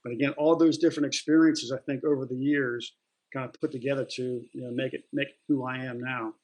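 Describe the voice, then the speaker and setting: A man's voice: medium pitch, little pitch movement, fairly quick, a little mellow, low-quality recording. A middle-aged man, an interview guest, telling stories in a plain-spoken, loose way with many fillers and restarts. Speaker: interview guest, retired Marine. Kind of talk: casual storytelling.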